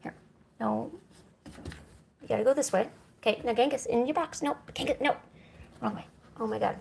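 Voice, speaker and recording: A woman's voice: fairly high pitch, moderate pace, creaky, a little mellow, a little hiss or hum. A woman streamer chatting casually and coaxing her cats with playful, baby-talk asides. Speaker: art streamer.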